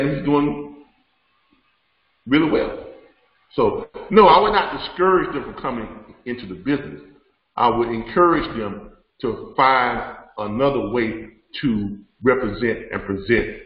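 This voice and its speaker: A man's voice: mid-range voice, measured pace, long pauses. A middle-aged man, hosting a live webinar Q&A in a conversational way, repeating words and laughing often. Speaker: host. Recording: roomy, dull lo-fi sound.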